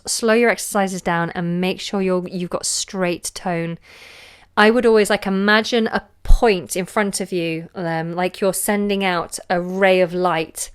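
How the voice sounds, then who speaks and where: A woman, a singing teacher answering viewer questions in a relaxed, chatty way on a live stream. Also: mid-range voice, clean tone. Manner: relaxed, chatty, demonstrates sounds with her voice.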